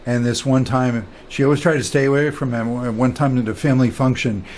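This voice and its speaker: A man's voice: medium pitch, fairly even intonation, brisk, a little hiss or hum. A man giving a casual spiritual talk, rambling with many fillers and restarts as he tells stories. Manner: storytelling, quoting others in quiet voices. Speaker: spiritual teacher.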